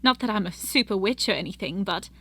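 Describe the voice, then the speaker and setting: A woman's voice: mid-range voice, lively intonation, fairly quick. A woman voicing a cheerful, encouraging young witch with a posh way of talking. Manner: posh, bright, upbeat.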